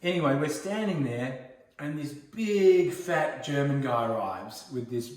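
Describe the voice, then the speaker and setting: A man's voice: medium pitch, lively intonation, measured pace. A man in his forties with an Australian accent, chatting casually as he hosts a home cooking video and tells rambling stories. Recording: roomy echo, mic far off.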